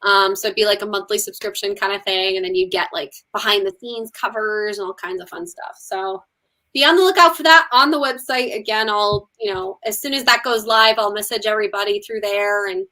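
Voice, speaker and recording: A woman's voice: medium pitch, brisk, pushed and bright. A woman who is a musician, chatting casually as an interview guest, with lots of ums and likes. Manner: chatty, many ums and likes, laughs often.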